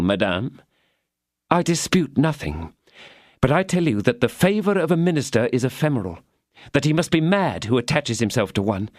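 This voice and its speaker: A fierce, scornful young woman, read by a man, speaks in a high, lively voice that swings widely. She is indignant and cutting, loyal to her queen. It is a dry, close audiobook recording. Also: no echo, close to an everyday voice. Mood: questioning.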